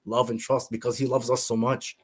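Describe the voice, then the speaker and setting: A man with a husky, slightly rough voice tells a personal faith testimony as an interview guest. His delivery is earnest and fervent, circling back on words and phrases as he searches for what to say. His pitch sits in an ordinary middle range. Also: little pitch movement, fairly quick. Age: adult. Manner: earnest, fervent, often repeats words and restarts.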